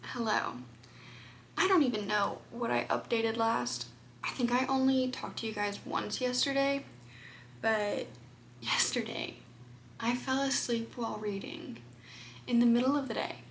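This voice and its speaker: Chatty woman with a slightly high voice. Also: steady tone, measured pace, long pauses, a little hiss or hum. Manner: chatty, rambling, lots of "like" fillers. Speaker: book vlogger. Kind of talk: casual chat to camera.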